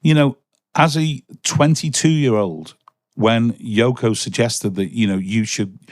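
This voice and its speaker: A man's voice: medium pitch, dry recording, studio quality. A man hosting a podcast interview, asking long questions full of restarts. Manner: rambling questions with many restarts. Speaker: podcast host.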